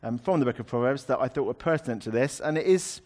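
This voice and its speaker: A man's voice: mid-range voice, lively intonation, quick pace, a little mellow. A man preaching a sermon, explaining a scripture passage in a conversational way with wry asides.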